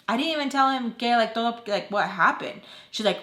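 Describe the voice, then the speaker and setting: A young woman in her twenties telling an emotional storytime for her vlog, animated and dropping in Spanish slang. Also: a little high, a little fast, hardly any pauses. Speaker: vlogger. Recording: echoey room.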